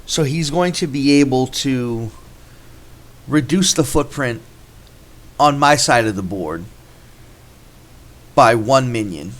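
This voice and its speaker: Male gameplay host, mid-pitched, relaxed think-aloud commentary with restarts. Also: slow pace, long pauses.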